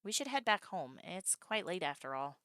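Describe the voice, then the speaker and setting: A woman voicing a calm, firm young man in a game who scolds a friend. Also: fairly low pitch, normal speed, no echo, clean studio sound.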